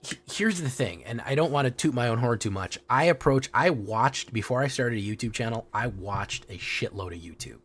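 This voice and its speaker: A man's voice: mid-range voice, animated, moderate pace, few pauses, fairly bright tone. A man streaming a card game, chatting casually with his viewers, swearing freely and often restarting his sentences. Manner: casual and profane, restarts a lot. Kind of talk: casual livestream chat.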